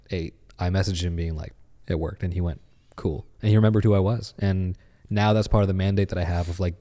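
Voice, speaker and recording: A man in his thirties, a podcast guest, telling a story in casual chat with lively animation. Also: sits low, big-room sound.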